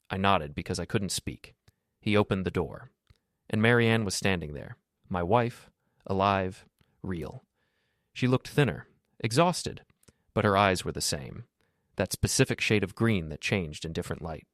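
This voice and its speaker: A man with a very low voice narrates a dramatic first-person story in a steady, solemn manner. The read is dry and close to the mic, with no room sound. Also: moderate pace, no room sound.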